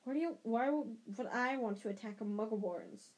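A woman's voice: a little high, animated, a little fast. A woman reading aloud as an angry teenage boy wizard who speaks in a tense, clipped way.

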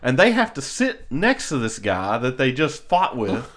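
A man's voice: mid-range voice, wildly swooping pitch, unhurried, a bit bright. A man co-hosting a podcast, telling stories in casual chat, rambling with restarts and frequent laughter. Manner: rambling storyteller, laughs often, many restarts. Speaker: podcast co-host.

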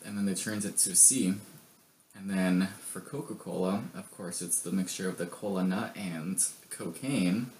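A man's voice: deep voice, moderate pace, a little mellow, a little hiss or hum. A young man co-hosting a podcast, reading history facts in casual chat with joking, rambling asides. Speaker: podcast co-host.

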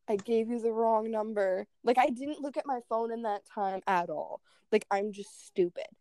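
A young woman co-hosting a podcast, telling a story in lively casual chat, swearing and acting out what people said. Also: medium pitch, no room sound. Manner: animated, swearing, acts out quotes. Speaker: podcast co-host.

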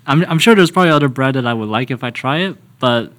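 A young man as a podcast guest, talking casually in a halting, hesitant way with frequent restarts. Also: mid-range voice, animated, fairly bright tone.

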